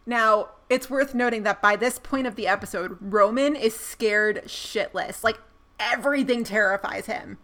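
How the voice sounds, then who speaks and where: Woman recapping a cop show with a friend, bright sharp voice, kinda high, acts out the scenes. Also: normal speed. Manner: animated storytelling, laughs while acting out scenes. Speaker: podcast co-host. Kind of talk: casual TV recap chat.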